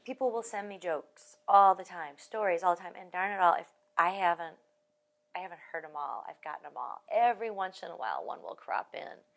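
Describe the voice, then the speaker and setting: A woman musician in an oral history interview, talking in a lively, joking way in an archive room. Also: on the low side, brisk. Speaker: Irish musician.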